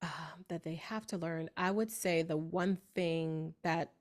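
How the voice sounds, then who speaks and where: Fast-talking New woman, low voice. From New York. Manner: fast-talking, animated, emphatic storyteller. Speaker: podcast guest. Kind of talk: storytelling interview.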